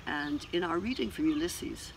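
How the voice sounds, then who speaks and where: A man hosts a literary celebration, introducing the program in an unhurried way. His voice is gravelly and a little high. He is recorded outdoors with clear birdsong and ambient noise. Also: animated. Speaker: event host. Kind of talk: casual introduction.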